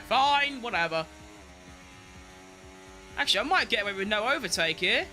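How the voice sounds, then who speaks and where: A man giving excitable, self-mocking live commentary while playing a racing game, talking to himself as he drives. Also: sits high, slow pace, slight background noise. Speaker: gaming streamer.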